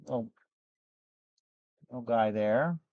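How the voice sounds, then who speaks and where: A hoarse man, losing his voice, hosts a live gem and fossil sales show in a rambling, chatty way with frequent restarts. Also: medium pitch, takes it slowly, dry recording, lo-fi sound. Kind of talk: casual live-stream sales chat.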